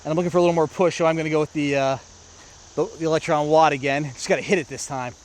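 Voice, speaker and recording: American man, slightly high voice, chatty outdoor vlog host, faint crickets behind. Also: steady tone, racing, slight background noise. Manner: chatty, self-narrating, talks to viewers. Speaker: disc golf vlogger. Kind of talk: casual play-by-play vlog. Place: outdoor park course.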